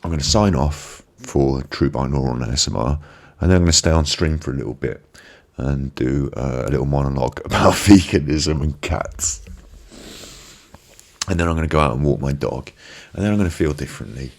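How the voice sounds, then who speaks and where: Gravelly, very deep-voiced man. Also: brisk. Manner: reflective, repeats phrases for emphasis. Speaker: ASMR live-stream host. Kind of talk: motivational talk on a live stream. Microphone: binaural microphone.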